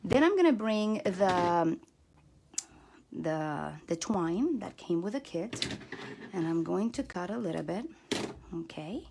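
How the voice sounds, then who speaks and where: A woman's voice: fairly low pitch, animated, slow pace, gravelly, long pauses, darkish tone, slight background noise. A woman hosting a card-making channel, chatting while she works and answering viewers' comments, speaking English that is not her first language. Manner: chatty and self-deprecating, talks while working. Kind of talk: live crafting demo, reading viewer comments.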